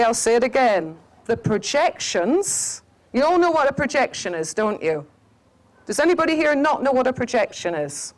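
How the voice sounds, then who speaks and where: A woman's voice: on the high side, rough recording. A middle-aged woman giving a spiritual talk to a live audience, telling stories and asking the audience questions. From Scotland. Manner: storytelling, asks the audience questions. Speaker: spiritual teacher.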